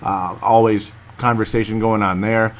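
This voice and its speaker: A man's voice: lowish voice, flat delivery, moderate pace. A man hosting a casual solo podcast, rambling and chatty, laughing often and talking straight to his listeners. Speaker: podcast host.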